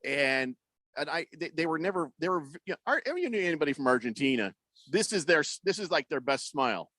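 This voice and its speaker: A man's voice: a little high, fast talker, no echo. A middle-aged man hosting a radio show, chatting casually and telling rambling stories, acting out voices in his anecdotes. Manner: rambling storyteller, animated, acts out voices in anecdotes. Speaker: radio host. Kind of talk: casual sports radio chat. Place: radio studio.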